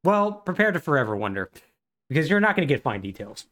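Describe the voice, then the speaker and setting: A very animated man with a highish, fairly bright voice talks fast as a podcast co-host. Over casual chat he recaps a video game story with sarcasm and wry humor, performing the characters' lines.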